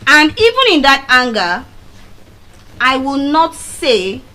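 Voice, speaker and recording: A middle-aged woman with a Nigerian accent giving a motivational speech at a public event, telling personal stories with dramatic swings of pitch and loudness. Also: slow, a little hiss or hum, low-quality recording. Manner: animated storytelling with dramatic swings in pitch and volume. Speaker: public speaker. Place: venue of a public speaking event.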